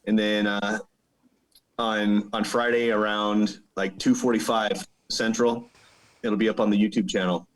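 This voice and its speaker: A man's voice: lowish voice, little pitch movement, measured pace, rough recording. Affectionate podcast host man. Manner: warm-hearted, affectionate with friends. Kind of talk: casual chat.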